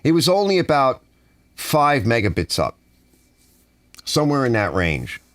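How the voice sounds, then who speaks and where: Man, from the US, ranting, exasperated, lively swings in pitch, dry studio sound. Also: measured pace, no echo. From United States. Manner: exasperated, animated complaining with softened swearing. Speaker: channel host. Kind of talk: ranting casual monologue. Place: home garage studio.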